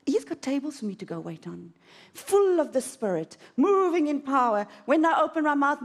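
Emotional woman preaching. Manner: emotional storytelling with dramatic swings in pitch. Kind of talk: sermon. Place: auditorium.

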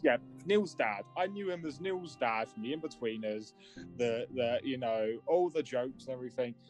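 A man hosting a podcast, relaxed and jokey. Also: mid-range voice, moderate pace, faint music behind. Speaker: podcast host. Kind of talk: casual podcast chat.

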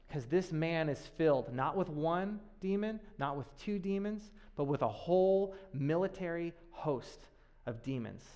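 A man preaching a sermon in a lively, conversational way, with playful asides to the listeners. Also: a little high.

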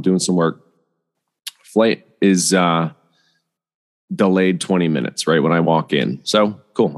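A very deep-voiced man spinning a casual, rambling story, peppered with "you know" and "right?" asides. His voice carries a long reverb tail, as if recorded in a large, live room. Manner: chatty, rambling, many fillers and asides. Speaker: podcast host telling a travel story.

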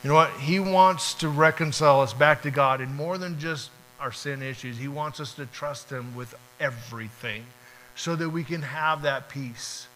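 Over a rough recording with a touch of hiss or hum, a male pastor preaches at normal speed in a fairly high, pushed, bright voice. He keeps it conversational and acts out brief prayers and exchanges.

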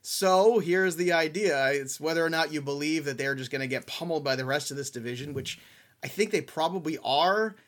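A man with a slightly high voice talks through season win totals in a loose, conversational way. He gets animated and playful, tossing in jokes as he pitches his picks. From American Midwest. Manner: enthusiastic, animated, quick to joke. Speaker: sports betting podcast co-host. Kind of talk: casual sports betting chat.

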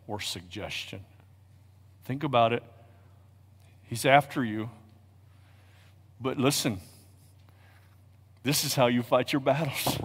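A male pastor preaching a sermon in a church, swinging from hushed, quiet lines to loud, shouted exhortations. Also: mid-range voice. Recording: long reverb of a large hall.

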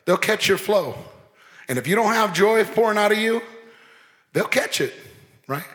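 A man preaching a lively sermon as pastor, joking and mimicking people as he talks. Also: sits high, moderate pace. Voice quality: animated, playful, mimics people. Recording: long hall reverb.

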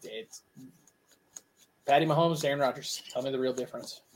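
A man's voice: medium pitch, steady tone, normal speed, a little hiss or hum. A man co-hosting a sports podcast, arguing his points emphatically and repeating lines for effect in casual chat. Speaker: podcast co-host.

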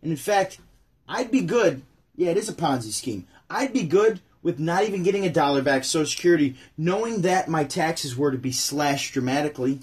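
A man's voice: a little high, lively intonation, brisk, husky. A man from upstate New York hosting his own livestream, ranting bluntly and chatting casually with viewers. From Syracuse, New York. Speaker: channel host.

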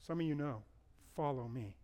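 A man preaching a sermon as pastor, telling the stories in an animated way and acting out the people in them. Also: on the high side, moderate pace. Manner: animated storytelling, acting out the people in the story with a raised voice.

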